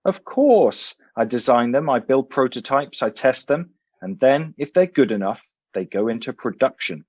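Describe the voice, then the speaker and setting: A man's voice: mid-range voice, animated, moderate pace, husky, no echo. A man voicing a fussy, prim elderly English professor with a clipped English accent. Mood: huffy. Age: older.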